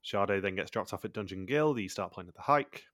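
A man with a low voice talks through a show's plot in a relaxed, chatty way. His voice sits close and dry on the mic, with no room around it. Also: brisk, no room sound. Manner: chatty, recaps plot points in long runs. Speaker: podcast host. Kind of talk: casual chat recapping a TV show.

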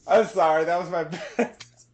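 Joking higher-voiced man on a podcast. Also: takes it slowly, crowd noise. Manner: animated, joking, laughs often, swears. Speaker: podcast co-host. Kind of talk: casual TV discussion podcast.

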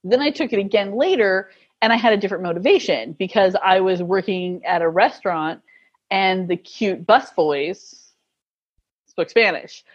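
Husky-voiced woman telling stories, laughing. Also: mid-range voice, normal speed, muffled recording. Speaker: guest. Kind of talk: casual storytelling interview.

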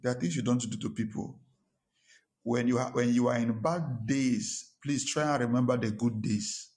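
A pastor preaching a sermon, telling a personal story and driving points home by repeating short phrases. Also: male voice, medium pitch, normal speed, darkish tone.

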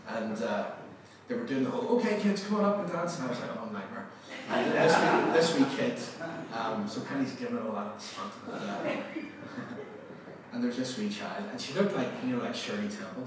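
A male pastor giving a sermon, telling stories with lively acted-out quotes and laughter. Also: medium pitch, noisy background. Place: large church hall. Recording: echoey church hall from a distance.

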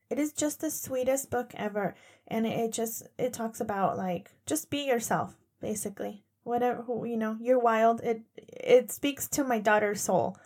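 Giggly woman storyteller, thirties, high-ish voice with vocal fry. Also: a little mellow. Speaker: podcast co-host. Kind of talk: casual chat, storytelling.

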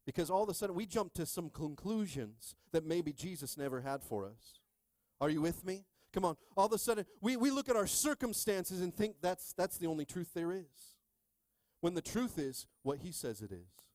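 A man's voice: high-pitched, very animated, moderate pace, no echo. Man preaching with call-and-response. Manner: call-and-response preaching, swings from quiet to shouting. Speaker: pastor. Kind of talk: sermon.

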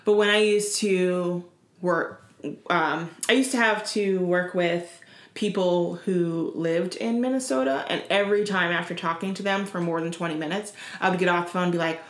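A woman's voice: on the low side, normal speed, echoey room. A woman in casual chat, telling stories animatedly and acting out the people she quotes. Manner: animated storyteller, acts out quotes.

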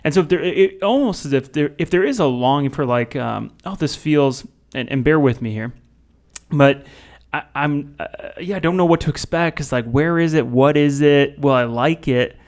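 A man, a pastor on a podcast, thinking aloud in a halting way with many restarts. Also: on the high side, animated. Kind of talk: podcast discussion.

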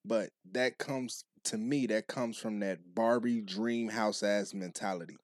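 A man's voice: lowish voice, unhurried, dry recording, clean studio sound. A man co-hosting a podcast, talking in a laid-back, profane way as he philosophizes about relationships. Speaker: podcast co-host. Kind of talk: casual chat.

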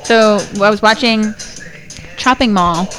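A woman's voice: mid-range voice, slow, a bit bright, soft background music. A woman hosting a casual movie watch-along chat, joking and telling stories. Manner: chatty, joking, storytelling. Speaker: podcast host.

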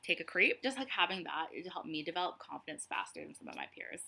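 A woman's voice: fairly low pitch, huge pitch swings, quick pace, gravelly, sharp tone. A young woman from Canada hosting a casual podcast chat, talking with lots of "like" and frequent laughs. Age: young adult. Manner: chatty, laughs often, lots of "like". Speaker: podcast host. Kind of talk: casual conversation.

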